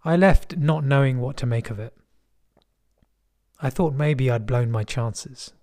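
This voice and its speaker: Middle-aged man, West London accent, mid-pitched voice; reflective first-person storyteller, measured and dry-humoured. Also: darkish tone. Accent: West London English.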